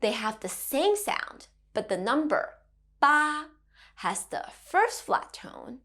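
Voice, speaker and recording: A woman in her thirties teaching Mandarin to children, gentle and encouraging, modelling sounds in a sing-song way. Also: fairly high pitch, big pitch swings, takes it slowly. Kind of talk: children's language lesson.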